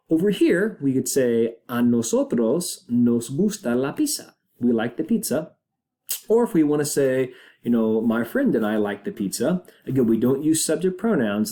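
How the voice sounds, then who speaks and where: A man teaching a Spanish grammar lesson step by step, often pausing to check in with students and slowing down to model example phrases. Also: mid-range voice, dark tone. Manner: explains step by step with frequent check-in questions; switches into slow, deliberate Spanish example phrases. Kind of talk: recorded classroom grammar lesson.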